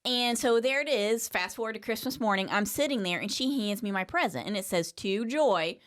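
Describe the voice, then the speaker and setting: A woman on a family podcast telling a story in long run-on sentences without pausing for breath. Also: medium pitch, lively intonation, fairly bright tone. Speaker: co-host. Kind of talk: casual family chat.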